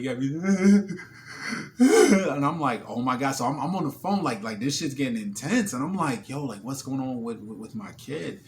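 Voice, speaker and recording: Slangy, animated man telling a story. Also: mid-range voice, slight background noise. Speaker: vlogger. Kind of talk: casual personal vlog.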